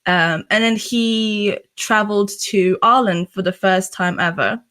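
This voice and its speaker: Chatty bright-voiced young woman. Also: mid-range voice, a little slow. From England. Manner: chatty and candid, laughs often, swears freely. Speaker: interview guest, streamer. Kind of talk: casual chat.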